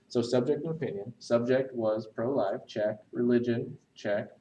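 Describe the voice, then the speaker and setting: A man teaching essay structure, talking while he writes on a board and pausing to correct himself. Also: mid-range voice, dark tone, far from the mic, rough recording. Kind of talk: recorded writing lesson.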